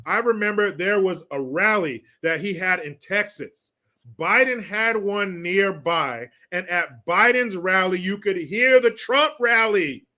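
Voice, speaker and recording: A man rants on a livestream in blunt, profane, mocking talk, stopping now and then to read out viewer comments. His voice sits a little high and sounds bright and forceful. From California. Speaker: livestream host reading chat. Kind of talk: casual political rant.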